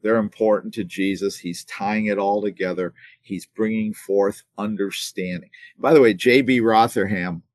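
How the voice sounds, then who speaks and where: A man's voice: fairly low pitch, steady tone, dry recording. A man teaching the Bible casually on a livestream from home. He rambles and restarts, repeating words as he thinks, and grows emphatic on key points. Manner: digressive, halting, repeats words while thinking.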